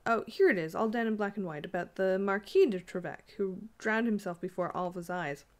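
A woman's voice: mid-range voice, a little fast, natural voice. A woman reading the lines of a flippant, teasing young husband in a storybook, in a breezy, joking manner. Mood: playful.

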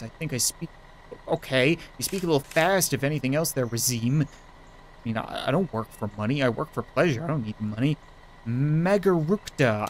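A gaming YouTuber, a man, doing let's play commentary in a joking, excitable way, talking back to the characters on screen. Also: medium pitch, slight background noise.

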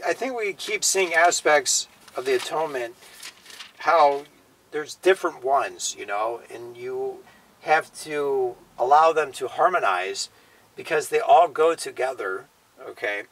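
A man teaching the Bible in a casual sermon style, often tagging his points with a quiet "okay?" or "you know". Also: mid-range voice, lively intonation, a little slow, low-quality recording. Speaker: preacher.

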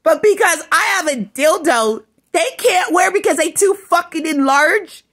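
High-pitched woman in a profane rant. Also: lively intonation, a little slow. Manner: profane, angry and rambling, often shouting. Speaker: vlogger. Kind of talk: ranting vlog monologue.

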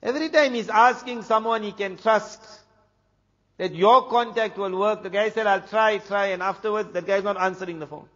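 A man from South Africa, a preacher telling a story in an animated way, dropping to a hush for the dramatic moments. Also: high-pitched, normal speed. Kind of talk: storytelling talk. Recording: dull lo-fi recording with long hall reverb.

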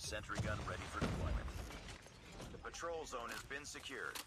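An actor playing a male military announcer calling out match updates in clipped radio-style lines, over loud gunfire. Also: fairly low pitch, animated, moderate pace, close to an everyday voice. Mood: terse. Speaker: in-game announcer. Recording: loud gunfire and game noise behind.

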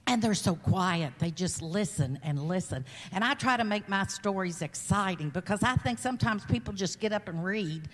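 A woman's voice: mid-range voice, animated, moderate pace, hardly any pauses, in a large hall. A woman in her sixties with a Southern accent, giving an earnest, chatty missionary testimony at church. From Kentucky. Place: church sanctuary.

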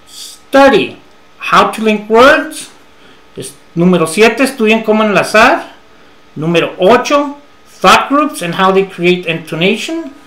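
A man with a fairly high voice teaches at an unhurried pace and says each key phrase twice. His voice rings in an echoey room. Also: lively intonation, pushed and bright. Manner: repeats key phrases slowly in English, then gives them in Spanish. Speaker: English teacher. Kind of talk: bilingual English lesson.

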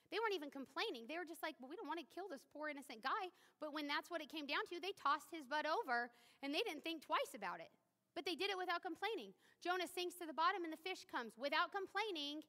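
A woman's voice: on the high side, pushed and bright. A woman in her thirties preaching a sermon in a chatty, joking way with playful asides. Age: 30s. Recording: long church-hall reverb.

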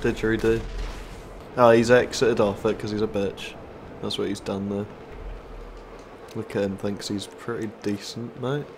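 A man's voice: lowish voice, fairly even intonation, measured pace, noisy background. A man giving casual, sweary gameplay commentary, taunting and mocking other players. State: stoned. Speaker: gaming YouTuber.

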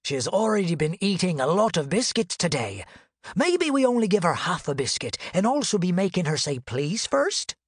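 A man voicing a gruff but soft-hearted male pirate with a hook hand, who growls "arr" and frets. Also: high voice, big pitch swings, normal speed, no echo, studio quality, full character voice. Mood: fretful. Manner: growls "arr" before every line, fussy and worried.

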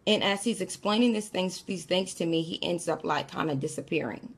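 Husky-voiced woman recounting a dream. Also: fairly low pitch, brisk. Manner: chatty, addresses listeners as y'all. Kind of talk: casual spoken testimony.

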